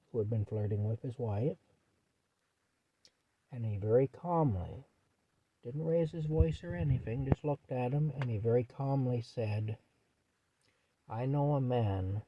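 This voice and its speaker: A man tells a story casually from inside his truck and keeps looping back with "anyway." His voice is mid-pitched and sits close and dry, with little room sound. The recording is slightly dull and muffled. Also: slightly rough, no room sound. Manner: rambling, repeats "anyway" often. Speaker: vlogger.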